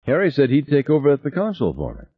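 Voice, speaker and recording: A man's voice: huge pitch swings, rapid-fire, slightly rough, no room sound. A man voicing a cool, self-assured woman scientist in a raised, breezy voice, on a slightly dull recording. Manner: breezy, raised voice, put-on female pitch.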